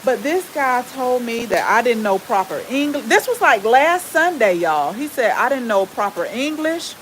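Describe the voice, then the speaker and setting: Southern lady w a drawl chatting w her viewers on a garden livestream, kinda high voice, faint hiss in the background. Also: normal speed, rough recording. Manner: chatty, relaxed drawl, addresses viewers as y'all. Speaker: gardening channel host. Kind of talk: casual live-stream chat with viewers.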